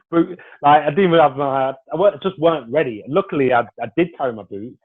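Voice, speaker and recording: A man, a former footballer being interviewed, telling lively stories and acting out what others said to him. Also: fairly high pitch, normal speed. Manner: lively anecdotal storyteller, acts out dialogue. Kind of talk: casual storytelling interview. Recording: tinny phone-like line.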